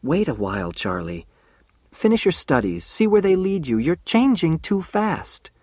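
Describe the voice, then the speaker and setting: A gentle young woman teacher, cautious and patient, pleading softly as a male narrator reads her part. Her voice rises and falls in a lively sway and sits close to the mic with no room around it. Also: on the high side, measured pace, no echo, voice pushed up. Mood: gently cautious.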